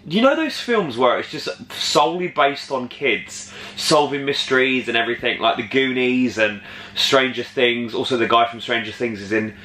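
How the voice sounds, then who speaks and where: A young man, vlogging in an excitable, chatty way as he talks to the camera. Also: mid-range voice, moderate pace, reverberant. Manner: excitable, chatty, lots of "like" and "oh my God". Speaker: travel vlogger. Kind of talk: casual vlog chat to camera.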